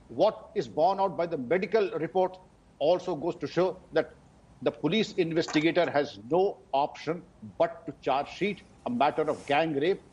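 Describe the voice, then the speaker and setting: Older Indian man, formal, husky and lo-fi. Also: on the high side, a little mellow. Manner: deliberate, formal, emphatic. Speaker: retired police officer. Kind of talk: TV debate panelist.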